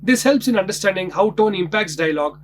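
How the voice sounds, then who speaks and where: High-voiced man reading a lesson. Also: animated, a little hiss or hum, poor audio. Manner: measured, reads out headings then explanations. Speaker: instructor. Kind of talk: scripted lesson narration.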